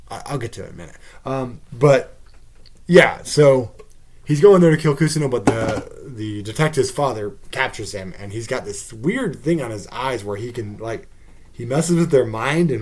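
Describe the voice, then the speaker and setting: A man hosting a podcast, rambling through a casual TV recap with many fillers, jumping into high, excited bursts when he quotes characters. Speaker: podcast host.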